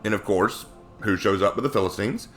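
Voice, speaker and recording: A man's voice: lowish voice, a little fast, soft background music. A man giving a casual Bible lesson, talking conversationally and asking many rhetorical questions. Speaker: Bible teacher.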